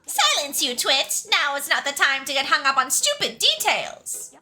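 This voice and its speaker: A woman's voice: high-pitched, sing-song, moderate pace, pushed and bright, faint music behind, pitched above the performer's own voice, heavily acted. A woman voicing a cruel, imperious old female shadow witch in a haughty, scolding manner, with an almost Russian accent.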